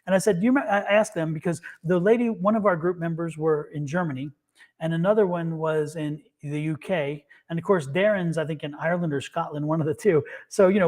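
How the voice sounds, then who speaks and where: A man in casual chat, telling an animated story and acting out what people said. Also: on the high side. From United States. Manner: animated storyteller, acts out quotes. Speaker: psychic reader and co-host.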